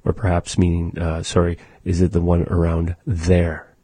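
A man teaching a language lesson in a slow, measured way, with many pauses and fillers. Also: low-pitched, warm tone, husky, no room sound.

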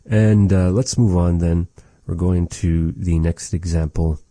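Man, very low dark voice, unhurried patient teacher repeating words, dry close mic. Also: fairly even intonation, no room sound. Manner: slow, patient, repeats each word, folksy asides. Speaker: language teacher. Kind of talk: slow vocabulary lesson with repeated words.

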